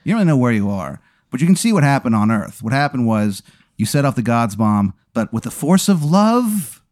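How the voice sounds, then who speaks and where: A man's voice: medium pitch, very animated, fairly quick, darkish tone, no room sound, clean studio sound. Rambling man spinning a comic tale. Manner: rambling with fillers, laughing as he tells it. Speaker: podcast host. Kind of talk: improvised comedic storytelling.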